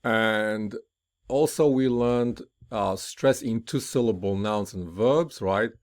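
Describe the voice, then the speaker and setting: A man with a fairly low, gravelly voice teaches a pronunciation lesson at a very unhurried pace. He explains each rule step by step and often checks in with "right?". He says example word pairs aloud and leans hard on the stressed syllables. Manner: slow and deliberate, with repeated checks of "right?".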